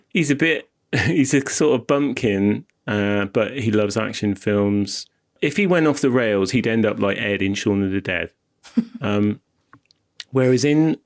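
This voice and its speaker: A young man with a mild Wiltshire accent, co-hosting a podcast and chatting about films, rambling and self-interrupting and laughing often. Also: on the low side. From Wiltshire, England. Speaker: podcast co-host. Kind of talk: casual film chat.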